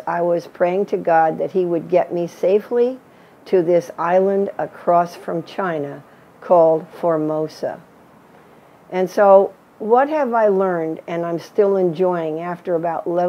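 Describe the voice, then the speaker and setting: A woman's voice: on the low side, a little slow, muffled recording. Older woman telling an earnest testimony. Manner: earnest storytelling, acts out quoted voices. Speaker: missionary teacher. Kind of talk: personal testimony.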